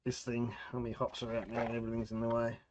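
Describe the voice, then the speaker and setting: The recording is very noisy and slightly dull, lo-fi. An Australian man with a medium-pitched, monotone voice talks fast while hosting a home brewing livestream, rambling casually, answering viewers and reading out chat as he works.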